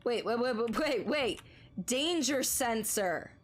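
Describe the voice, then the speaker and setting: A woman's voice: fairly high pitch, lively intonation, takes it slowly. A woman streamer chatting casually with her viewers and commenting on gameplay clips, swearing freely and laughing at herself.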